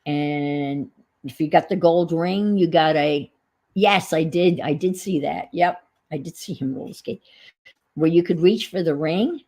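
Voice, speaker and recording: Slow gravelly New England woman. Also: deep voice, warm tone, low-quality recording. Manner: chatty, reminiscing, reading viewer comments aloud. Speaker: livestream host. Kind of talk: casual livestream chat.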